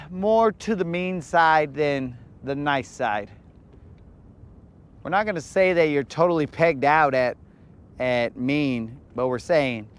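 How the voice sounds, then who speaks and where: Man, fishing stream host, unhurried slangy banter, smooth clear voice, slightly high. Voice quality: laid-back slangy banter, calls viewers bro and dog. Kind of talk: casual live-stream chat with viewers.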